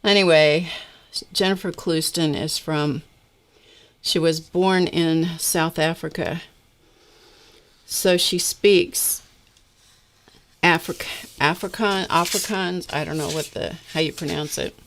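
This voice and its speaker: A woman's voice: deep voice, fairly even intonation, takes it slowly, pauses often. A woman hosting a live art session, chatting casually and rambling in a self-deprecating way while she crafts. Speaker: host of an art livestream.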